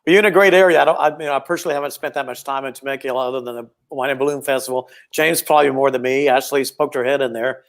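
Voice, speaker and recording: A man's voice: medium pitch, steady tone, very fast, few pauses. A man hosting a casual chat, rambling and friendly, full of compliments. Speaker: podcast host.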